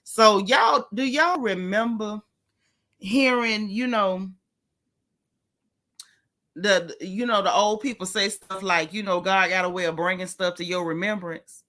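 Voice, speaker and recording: A woman chats live with her viewers, her voice clear and bright. She speaks frankly and with feeling about faith, breaking off to greet people by name. The delivery stays casual and conversational throughout. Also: medium pitch, a little slow. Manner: chatty, greets viewers by name between thoughts; frank, heartfelt, faith-filled talk. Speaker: livestream host. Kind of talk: casual livestream chat.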